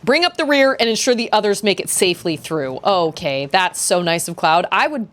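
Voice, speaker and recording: A woman's voice: medium pitch, lively intonation, normal speed. A young woman streaming a video game, chatting and reacting aloud as she reads the game text, with game music behind. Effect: occasional robot voice filter. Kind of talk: casual live gameplay commentary.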